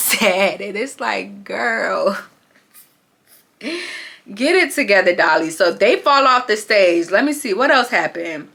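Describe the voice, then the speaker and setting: Bright-voiced young woman gossiping. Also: fairly high pitch. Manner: animated gossipy storytelling, addresses viewers as y'all. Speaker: vlogger recapping a reality show. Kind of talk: casual chatty recap.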